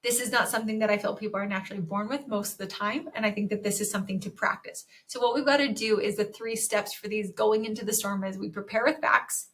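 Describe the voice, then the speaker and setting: A woman hosting a podcast, coaching in a chatty, energetic way and acting out sample conversations. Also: medium pitch, fast, hardly any pauses. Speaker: podcast host and dental practice coach. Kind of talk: solo podcast teaching talk.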